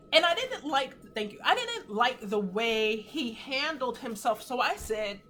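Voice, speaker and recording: A woman's voice: moderate pace, a little hiss or hum. Earnest woman in her fifties, tearful. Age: 50s. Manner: earnest and emotional, tearful at times, animated swings in pitch. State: teary. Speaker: host of a faith livestream. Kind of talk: casual live talk, testimony.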